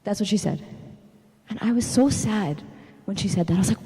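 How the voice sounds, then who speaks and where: A woman in her thirties giving a parenting talk at a church, telling animated personal stories and tagging her points with "okay?". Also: medium pitch, brisk, pauses often, slightly rough. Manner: animated storytelling, tags lines with "okay?". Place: church hall. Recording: reverberant church hall.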